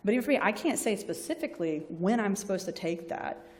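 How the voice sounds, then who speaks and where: A woman's voice: mid-range voice, expressive, fast, a little mellow, in a large hall. A woman with a Southern US accent giving an informal, chatty lecture to students and often acting out short bits of dialogue. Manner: chatty, frequently acts out patient and doctor voices. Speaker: university library staff presenter.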